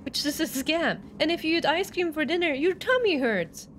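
Woman, Swedish accent, Swedish native speaker, playful, sarcastic, game stream chat, clear background noise. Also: sits high, lively intonation, normal speed, fairly bright tone. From Sweden. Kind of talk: live gameplay commentary.

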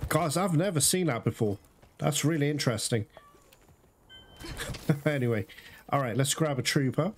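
A man giving casual gameplay commentary, talking straight to his viewers and quickly cursing when things go wrong. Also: on the high side, slight background noise. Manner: talks straight to viewers, quick to curse in frustration. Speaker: gaming video host.

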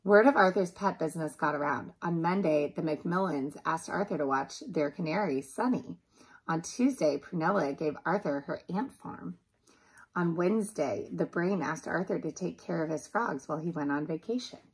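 A preschool teacher reading a picture book aloud to young children in a gentle manner. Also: female voice, sits low, moderate pace, breathy edge, poor audio.

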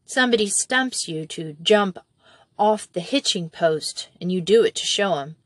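A woman reading a storybook and voicing a brisk, practical young farm woman who speaks in a matter-of-fact way. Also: medium pitch, animated, fairly bright tone, no room sound, studio quality.

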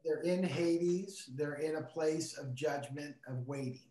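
A man's voice: a little high, steady tone, unhurried, warm tone. Emphatic man in a roomy room. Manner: earnest, emphatic, preacherly. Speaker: Bible study teacher. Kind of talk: casual Bible discussion. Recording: roomy echo.

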